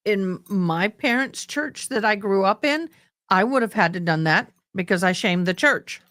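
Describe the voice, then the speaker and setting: A woman's voice: medium pitch, expressive, measured pace, a bit bright, dry recording. A woman hosting a casual livestream, talking in a chatty way close to her desk mic and repeating the courtroom testimony aloud. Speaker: livestream host. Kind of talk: casual commentary on a live court stream.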